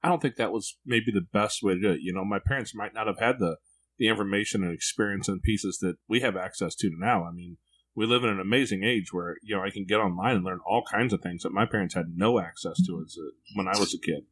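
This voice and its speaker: A man's voice: on the low side, fast, fairly bright tone. A man hosting a parenting podcast, talking in a candid, reflective way. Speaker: podcast host. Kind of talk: podcast interview.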